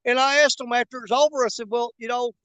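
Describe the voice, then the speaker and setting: Folksy high-voiced angler. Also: male voice, steady tone, fast, bright, forceful tone, no room sound, rough recording. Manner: folksy, rambling storyteller. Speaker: fishing channel host. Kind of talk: casual vlog talk while bank fishing. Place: outdoors on a riverbank.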